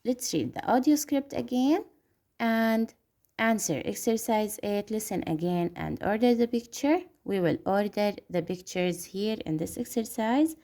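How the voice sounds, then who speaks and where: A woman teaching an English lesson to young pupils. She speaks slowly, repeats key words and switches into Arabic to explain. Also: mid-range voice, animated, dark tone. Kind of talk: online classroom lesson.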